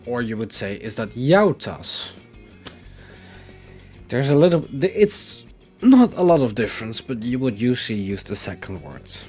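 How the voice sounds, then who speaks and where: A man's voice: medium pitch, darkish tone. A man with a Dutch accent teaching his language on a casual livestream, rambling and correcting himself as he explains with examples.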